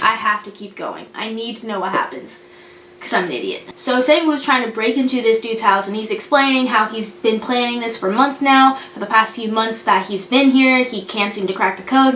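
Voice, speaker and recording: A woman's voice: a little high, a bit bright. Blunt, profane young woman in an echoey room. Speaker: anime reviewer. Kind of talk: casual spoken review. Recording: roomy echo, faint noise.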